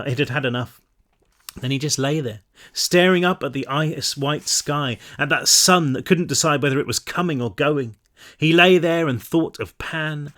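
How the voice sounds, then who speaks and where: Man reading his own novel aloud. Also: a little high. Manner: measured narration with relaxed asides to listeners. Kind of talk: audiobook-style read-through.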